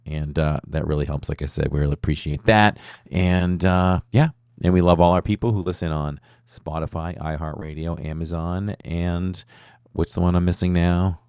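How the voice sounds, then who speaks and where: A man hosting a live podcast, chatting casually and signing off in an upbeat, animated way. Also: deep voice, clear, resonant tone, no room sound, studio quality. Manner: upbeat, animated sign-offs. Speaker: podcast host.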